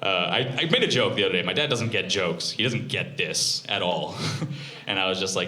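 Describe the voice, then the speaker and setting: A man in his twenties performing a live stand-up set, animated and profane, mocking himself. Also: low-pitched, moderate pace. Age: 20s. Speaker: stand-up comedian. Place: comedy club stage. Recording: roomy comedy club.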